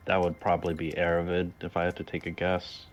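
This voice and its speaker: A man's voice: deep voice, monotone, brisk, lo-fi sound, slight background noise. A man playing in a tabletop game, describing his character's actions in a hesitant way with many ums and uhs. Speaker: player.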